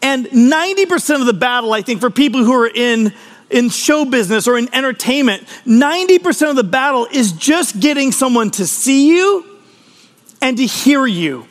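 A man's voice: very high voice, lively intonation, moderate pace, a bit bright, big-room sound. A man giving a conversational podcast sermon as a pastor, earnest and personal, often restarting his sentences.

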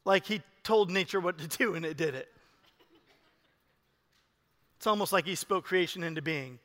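A pastor with a high, bright, sharp voice delivers a lively church sermon at a moderate pace. He swings between loud urging and hushed emphasis. The long reverb of a large hall surrounds him.

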